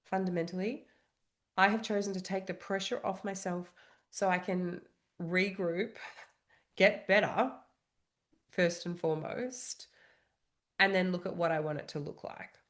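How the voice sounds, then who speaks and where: A woman's voice: fairly low pitch, fairly even intonation, a little slow, long pauses. A woman in her thirties, a trauma coach, talking candidly and reflectively to camera, openly vulnerable, with frequent "you know" and "like". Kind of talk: candid solo monologue.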